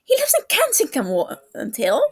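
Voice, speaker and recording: A woman voicing a flustered young man who stammers in a panic while rushing to get ready. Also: fairly high pitch. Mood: panicked.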